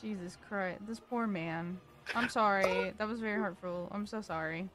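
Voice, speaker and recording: A woman's voice: medium pitch, moderate pace, a bit bright. Young woman, slangy and brash player. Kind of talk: casual chat during a tabletop game.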